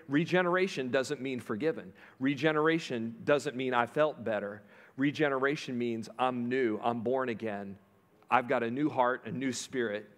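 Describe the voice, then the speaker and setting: A middle-aged man preaching a sermon at a medium pitch. He tells stories and keeps asking the congregation questions. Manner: storytelling, asks the congregation questions. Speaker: pastor.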